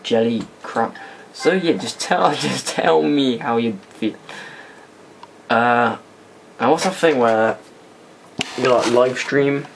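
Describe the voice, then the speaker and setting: A man's voice: medium pitch, slow pace, creaky, long pauses. Rambling young male vlogger, noisy camera mic. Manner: rambling, swears at the game, mutters under his breath. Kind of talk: casual vlog chat while playing a computer game. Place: indoors at a computer. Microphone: camera mic, held by hand. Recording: noisy home camera recording.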